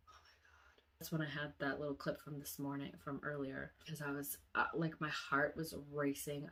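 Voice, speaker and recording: A young woman vlogging about a nightmare, telling it casually and leaping into high, shouted voices for the people in her dream, then dropping to a soft murmur. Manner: animated storyteller, acts out quoted voices with sudden high pitch jumps; drops to a soft, low murmur when reflecting.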